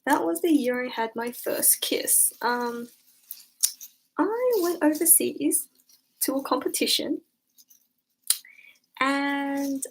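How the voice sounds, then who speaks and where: A young woman streaming from home, telling a casual story with lively, swear-laced slang and acted-out quotes. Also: sits high, a little hiss or hum, low-quality recording. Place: home room at night.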